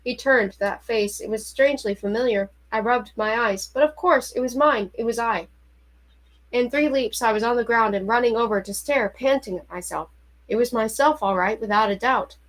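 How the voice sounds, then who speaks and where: Woman reading a novel aloud, expressive and fairly high-pitched, startled and anxious in turns. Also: normal speed, rough recording. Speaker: reader.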